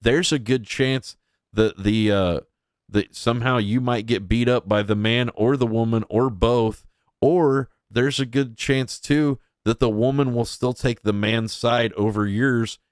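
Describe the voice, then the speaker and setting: A man's voice: lowish voice, clear, resonant tone, dry recording, clean studio sound. A man giving casual, crude commentary on clips as a streamer, blunt and mocking.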